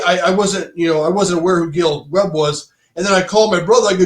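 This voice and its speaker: In an echoey space, a middle-aged podcast guest reminisces casually about running a bike shop. His voice sits high and moves a little fast, and his stories wander, with plenty of restarts and repeated "dude."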